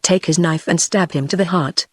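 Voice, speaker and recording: A woman's voice: fairly low pitch, breathy edge, no room sound, studio quality. A text-to-speech voice of a woman with a British accent, reading the lines of a cool, commanding young queen in an audiobook. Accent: British English. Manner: even, measured synthetic delivery.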